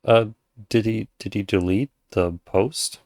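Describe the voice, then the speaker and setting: A man with a deep, low voice hosts a casual reaction commentary. He talks in an unhurried, low-key way. The sound is dry and close, with no room echo. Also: fairly even intonation, darkish tone. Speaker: reaction channel host.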